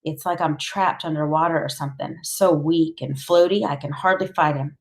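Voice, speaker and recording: A woman reads a novel aloud in the first person. Her voice is low, and she keeps the telling steady and intense. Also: moderate pace. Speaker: audiobook reader.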